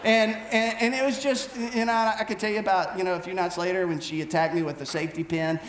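A pastor with a high voice tells stories in an animated, self-mocking way and often restarts his sentences. His sermon rings around an echoey church room, with faint noise underneath. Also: fast talker. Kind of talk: storytelling sermon.

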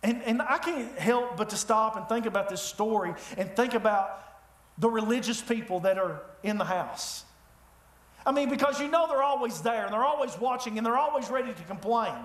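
A man preaching a sermon in a church, telling the story with lively humor. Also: very high voice, normal speed. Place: church sanctuary. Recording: echoey room.

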